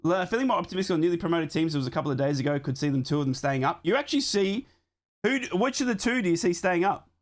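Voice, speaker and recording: A young man hosting a live football watchalong, his voice hoarse and worn down by a chest infection. He sits slightly high in pitch for a man and talks loosely and chattily, answering his live chat and commenting on the match as it goes. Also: lively intonation, racing. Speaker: watchalong host.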